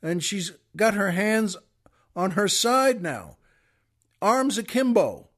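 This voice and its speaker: High-voiced man telling a comic story. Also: slow. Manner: animated, stammering retelling with mimicked outbursts. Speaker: podcast host.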